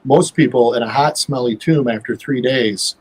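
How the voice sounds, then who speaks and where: A man with a slightly husky voice, talking as a guest in a loose, folksy way. He rambles and restarts often, sprinkling his talk with fillers. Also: mid-range voice, moderate pace, rough recording. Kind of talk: casual chat.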